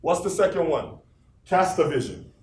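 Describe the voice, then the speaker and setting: A man's voice: fairly high pitch, animated, moderate pace, darkish tone, echoey room. A man leading an office meeting with a motivational speech, asking the crowd rhetorical questions and repeating phrases for emphasis. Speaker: office leader giving a motivational talk.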